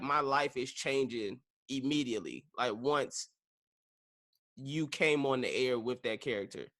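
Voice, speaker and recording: Bright-voiced male podcast host. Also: mid-range voice. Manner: easygoing, with hesitant restarts. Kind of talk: casual interview.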